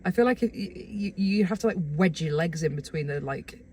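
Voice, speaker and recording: Giggly young woman with a lively voice. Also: fairly low pitch, brisk, a little hiss or hum. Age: young adult. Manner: giggly, playful, excitable. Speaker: podcast co-host. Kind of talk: casual chat.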